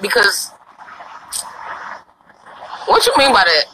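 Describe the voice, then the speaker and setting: A woman's voice: fairly high pitch, animated, normal speed, pushed and bright, a little hiss or hum, low-quality recording. A young woman livestreaming outdoors in a parking lot on her phone, talking in a brash, crude and pleading way. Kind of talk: casual live-stream chat.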